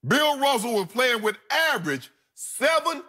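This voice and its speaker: A middle-aged man co-hosting a sports debate show, arguing emphatically and repeating points slowly for effect. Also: extremely high pitch, big pitch swings, sharp tone.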